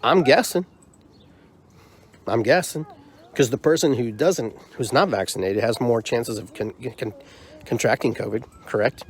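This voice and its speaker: Here a drum circle leader hosts his own podcast in a mid-range, a little mellow voice at a moderate pace. The monologue is heated and frustrated, leaning on rhetorical questions he repeats.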